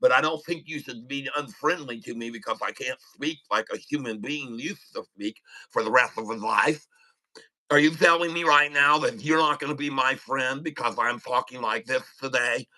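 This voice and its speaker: A man's voice: medium pitch, normal speed, sharp tone, poor audio. A man with a lisp, chatting casually and joking on a live trading stream, laughing often. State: lisping. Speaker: day trader livestreaming.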